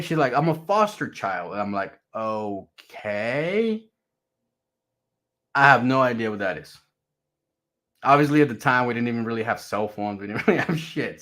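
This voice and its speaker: A man telling a personal story casually, loose and profane, tagging sentences with "right?". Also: mid-range voice. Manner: profane, animated, rhetorical "right?" tags. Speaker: channel host telling his back story.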